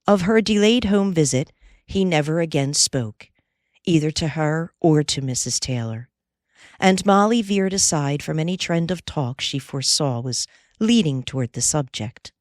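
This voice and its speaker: A woman reading a classic novel as an audiobook narrator, with measured, unhurried storytelling. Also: low-pitched, animated, no room sound, clean studio sound.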